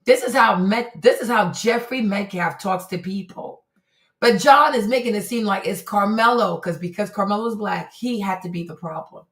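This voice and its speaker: A woman's voice: mid-range voice, normal speed. Blunt, emphatic female stream host reacting to clips; echoey room sound. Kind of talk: casual commentary on clips.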